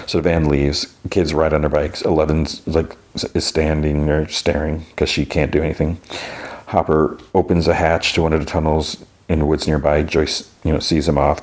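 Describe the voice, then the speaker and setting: A podcast host talks through an episode in a relaxed, rambling way. His voice sits very low, and he leans on fillers and restarts as he retells scene after scene. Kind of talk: casual episode recap.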